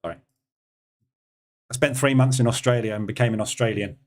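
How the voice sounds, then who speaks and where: A man from England hosts a live trading session. He talks in a casual, conversational way, answering questions from the chat between readings of the charts. His voice sits at an ordinary, middle pitch. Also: steady tone, brisk, a little mellow. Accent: English. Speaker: trading room host.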